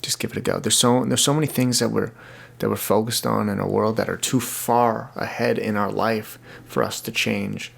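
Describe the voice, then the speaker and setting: A man's voice: fairly low pitch, fairly even intonation, normal speed, vocal fry. A young man hosting his own podcast, talking alone in an earnest, rambling way and often repeating words as he restarts. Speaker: podcast host. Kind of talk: casual solo podcast monologue.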